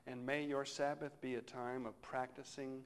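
Soft-spoken conversational man preaching. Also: mid-range voice, flat delivery, normal speed. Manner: conversational, reflective, often dropping to a soft close. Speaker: pastor. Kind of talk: sermon.

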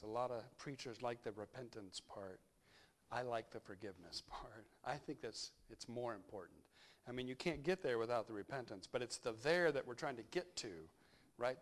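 Man giving a reflective, conversational sermon. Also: medium pitch. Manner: reflective, unhurried, thinking aloud with small restarts. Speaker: pastor.

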